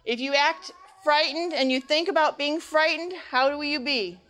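A woman's voice: high voice, moderate pace, fairly bright tone. A woman giving a sermon-style talk on faith and mental health, speaking conversationally, asking the audience questions and retelling counseling stories with quoted dialogue. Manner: asks the audience rhetorical questions.

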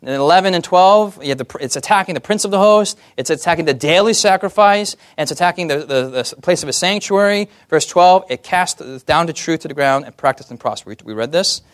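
A man's voice: fairly high pitch, expressive, brisk, hardly any pauses. A young man preaching a sermon, often putting questions to the audience and asking for amens.

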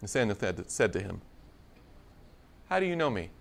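Animated male preacher with lively pitch. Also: moderate pace, vocal fry. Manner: conversational, animated, acts out biblical dialogue with humor. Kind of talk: sermon.

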